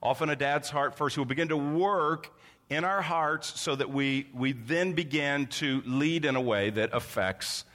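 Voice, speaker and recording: A man's voice: on the high side, measured pace, fairly bright tone. A man preaching a sermon, earnest and explanatory, often repeating words as he teaches. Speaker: pastor. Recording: long reverb of a large hall.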